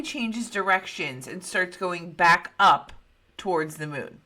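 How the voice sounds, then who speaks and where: A woman's voice: fairly low pitch, expressive, slow, pushed and bright. Chatty, profane woman podcast host. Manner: chatty, profane, laughing asides. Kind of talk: casual storytelling.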